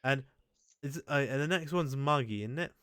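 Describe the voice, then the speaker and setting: A show host leads a casual chat ranking anime, rambling and crude with frequent restarts. His mid-range voice moves at normal speed with a slightly bright, clear, resonant tone, in a dry recording of studio quality.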